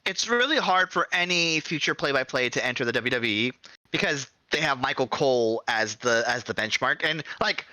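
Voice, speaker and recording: Guy on a wrestling podcast, super bright tone, wry blunt jokes, dry mic. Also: medium pitch, animated, moderate pace, dry recording, rough recording. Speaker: podcast co-host. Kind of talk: casual wrestling chat.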